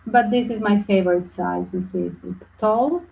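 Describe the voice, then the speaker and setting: Woman doing tarot readings live, chatty, animated, english with little slips, mid pitch. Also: moderate pace, vocal fry, rough recording. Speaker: tarot reader.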